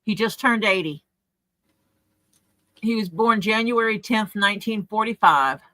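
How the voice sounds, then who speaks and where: Podcast co-host, bright voice, relaxed storytelling, heard through a speaker, dry sound. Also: mid-range voice, a little slow, no echo. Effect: coming through a speaker. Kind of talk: casual chat.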